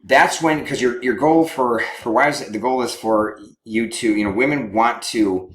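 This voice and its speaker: This counselor talks at a medium pitch, a little on the slow side, as he teaches couples communication in a chatty style. He regularly checks in with his audience, and the audio carries a roomy echo.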